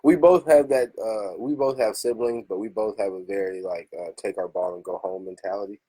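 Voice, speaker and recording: A man's voice: lowish voice, brisk, dark tone, breathy edge, poor audio. A man hosting a casual podcast chat, telling stories animatedly, laughing often and acting out quotes. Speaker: podcast host.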